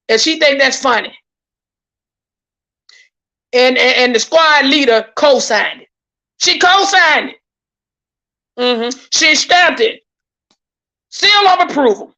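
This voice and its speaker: On her live stream, a YouTube commentator holds forth in a high, ringing voice with a bright, forceful tone. Indignant and preachy in this heated commentary, she hammers her points repeatedly, trips over her words when worked up, and keeps turning to viewers as "y'all."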